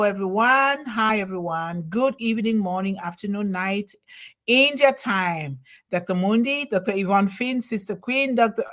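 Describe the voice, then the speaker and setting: A woman who is not a native English speaker hosts an internet livestream from home with an effusive, grateful manner. She greets viewers one after another by name and reads their comments aloud. Her voice sits at an ordinary pitch. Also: fairly bright tone. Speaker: host. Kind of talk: live online show greeting viewers. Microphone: home livestream over internet.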